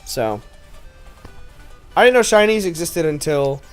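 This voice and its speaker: A man's voice: a little high, sing-song, a little slow. A young man casually commenting on a video game stream, rambling with many fillers and giggling often. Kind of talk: casual let's-play commentary. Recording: faint game music behind.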